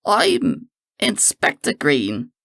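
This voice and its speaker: A man voicing an eccentric, smooth-talking male time traveler in an audiobook, with a glib, officious delivery. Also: high-pitched, huge pitch swings, extremely slow, a bit bright, no echo, studio quality, voice pushed up, exaggerated voice. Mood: bluffing.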